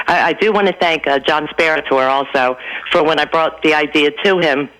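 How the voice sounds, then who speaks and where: A woman's voice: deep voice, fairly quick, a bit bright, poor audio. A woman hosting a radio show in casual chat, telling corny jokes and laughing often. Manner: jokey, laughs often, chatty.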